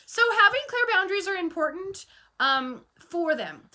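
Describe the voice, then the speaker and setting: A woman's voice: very high-pitched, normal speed. A woman coaching on running a cleaning business, telling stories frankly and firmly, acting out bits of dialogue. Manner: animated storytelling, acting out dialogue; firm and frank. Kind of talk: casual talk to camera.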